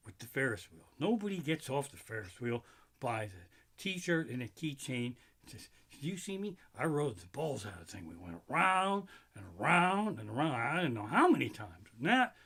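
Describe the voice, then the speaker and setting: Casting: middle-aged male comic, slightly high voice, crude rambling delivery. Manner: profane, rambling, animated storytelling. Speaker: stand-up comedian. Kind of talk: solo live-streamed stand-up.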